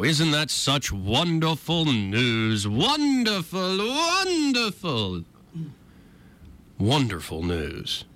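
A man hosting talk radio, his lowish voice carrying a bright, forceful edge. He swoops through a wide pitch range as he riffs sarcastically on the news, loose and conversational. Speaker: radio talk show host. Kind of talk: casual political talk radio.

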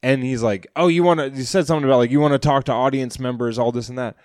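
A fast-talking man with a mid-range voice, a stand-up comic and podcast co-host, tells a story in casual chat. He's an animated storyteller who acts out quotes and swears freely. The studio-quality audio has no echo.

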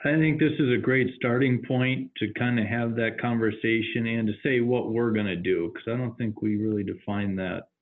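A man, a parent on a call, thinking aloud in a relaxed, casual way. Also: mid-range voice, moderate pace, hardly any pauses. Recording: tinny phone line.

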